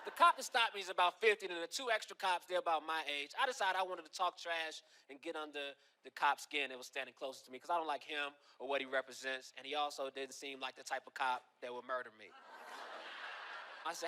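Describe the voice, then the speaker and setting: A man doing stand-up comedy, telling stories in a deadpan way with punchy asides. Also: a little high, fairly quick, a little hiss or hum.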